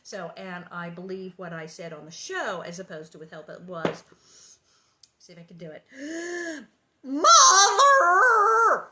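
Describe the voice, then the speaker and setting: A woman's voice: on the low side, normal speed, heavy background noise. A woman hosting a read-aloud of a children's book, narrating and breaking off for chatty, amused asides.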